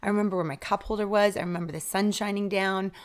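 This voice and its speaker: A woman guest on a podcast telling a personal story in casual talk, acting out quoted dialogue with lively shifts. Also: mid-range voice, quick pace. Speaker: podcast guest, author and speaker.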